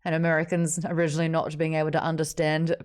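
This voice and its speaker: An Australian woman in her thirties hosting a live-streamed book club chat, joking and talking fast. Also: deep voice. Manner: lively, fast-running, joking. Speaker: host.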